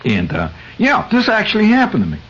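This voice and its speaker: A man's voice: high-pitched, wildly swooping pitch, a little fast, a bit bright, slightly rough, dull audio. An American man hosting a radio show, telling a rambling story in a conversational way with many fillers, on a 1970s radio recording. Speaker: radio host. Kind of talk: storytelling monologue.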